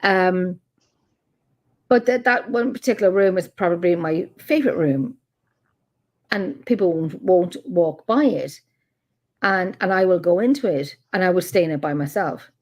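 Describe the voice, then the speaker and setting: A middle-aged woman with an Irish accent, a paranormal researcher telling stories in a casual interview chat, animated and quick to laugh. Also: on the low side. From Ireland. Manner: animated storyteller, laughs often, acts out quotes.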